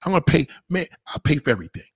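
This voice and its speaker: A smug, scheming boss who scoffs and mocks, as a husky man puts him on. The voice is rough and swoops up and down, recorded dry and close. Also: fairly high pitch, sing-song, very fast, no echo, heavily acted. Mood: scoffing. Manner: scoffing, mocking.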